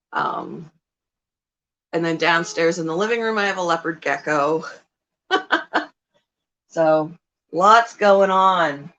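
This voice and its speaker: Slow, unhurried middle-aged woman chatting on a livestream. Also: low-pitched, fairly bright tone, low-quality recording. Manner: rambling, chatty, many ums. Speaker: livestream host and pet keeper. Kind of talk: casual livestream chat.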